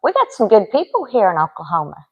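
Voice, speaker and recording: A woman's voice: medium pitch, wildly swooping pitch, quick pace, breathy edge, lo-fi sound. A woman co-hosting a live dog breeding stream, chatting enthusiastically and adding her own tips. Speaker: co-host. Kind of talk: casual live-stream chat.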